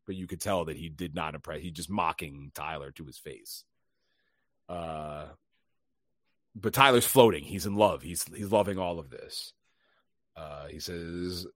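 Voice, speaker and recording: A man hosting a casual movie podcast, retelling film scenes with lively quoted lines. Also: low voice, moderate pace, no room sound, clean studio sound. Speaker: podcast host.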